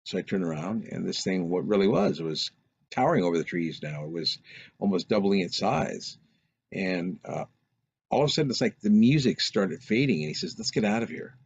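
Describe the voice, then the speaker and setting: A man's voice: low voice, expressive, normal speed, breathy edge, no echo. A man telling a personal anecdote in a casual, rambling, meandering way. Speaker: storyteller recounting a personal experience. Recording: dull lo-fi recording.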